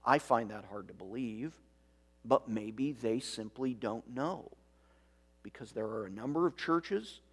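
A man preaching a sermon as pastor, measured and reflective, with rhetorical questions and dry asides. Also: medium pitch. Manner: dry, self-aware asides.

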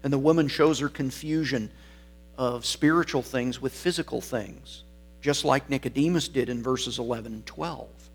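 A man's voice: medium pitch, moderate pace, slightly rough. A man preaching a sermon, explaining scripture verse by verse and repeating key words for emphasis. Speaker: pastor.

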